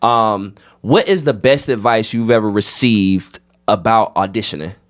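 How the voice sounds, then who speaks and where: A man hosting a casual podcast interview, relaxed and laughing, often repeating words as he talks. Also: fairly low pitch, measured pace. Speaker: podcast host.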